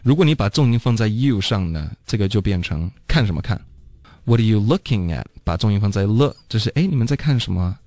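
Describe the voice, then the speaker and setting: Lively, low-voiced male language teacher. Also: fast talker, hardly any pauses, no room sound. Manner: acts out example lines in English between explanations. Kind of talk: bilingual phrase lesson.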